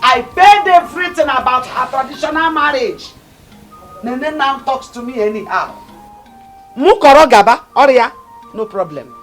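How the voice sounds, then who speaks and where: A proud Nigerian sister who feels insulted in her family home. Her voice sits high, and she complains and accuses. Soft film music plays underneath. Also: animated, normal speed, low-quality recording. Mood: indignant. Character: proud, quarrelsome married sister. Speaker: aggrieved elder sister. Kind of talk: Nollywood family drama acting.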